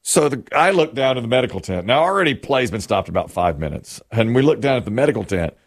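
This man has a mid-range voice and talks fast. As a co-host in casual conversation, he tells a funny story with animation, voicing the quoted lines himself and laughing a lot.

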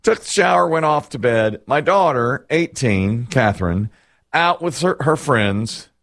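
A man's voice: medium pitch, animated, unhurried, fairly bright tone, no echo, clean studio sound. A middle-aged man hosting a casual chat, telling rambling, self-deprecating stories and laughing often.

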